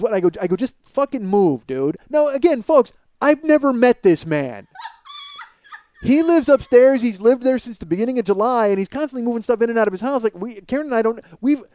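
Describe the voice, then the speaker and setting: Male podcast host, higher voice, dry recording, profane comic storyteller. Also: no room sound. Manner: profane, animated storyteller addressing listeners as folks. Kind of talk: comedic storytelling monologue.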